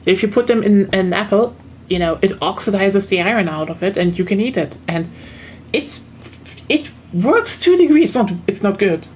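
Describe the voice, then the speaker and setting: A young German-accented woman from southern Germany streams while gaming, chatting casually and rambling with many fillers and restarts. Her medium-pitched voice has lively intonation, a moderate pace, and a slightly mellow quality, with a little hiss or hum.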